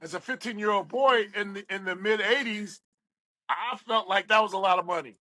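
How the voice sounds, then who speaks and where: A man's voice: high-pitched, brisk, no echo, low-quality recording. A middle-aged man from West Virginia, a radio DJ, telling stories as a guest and acting out the people he quotes. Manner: animated storyteller, acts out quoted voices. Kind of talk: storytelling interview.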